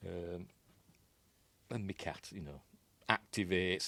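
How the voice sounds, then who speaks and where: Low-voiced Yorkshire man rambling. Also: sing-song, normal speed, pauses often, dry recording. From Yorkshire, England. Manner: rambling, lots of ums and asides. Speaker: film reviewer. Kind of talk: casual film breakdown over clips.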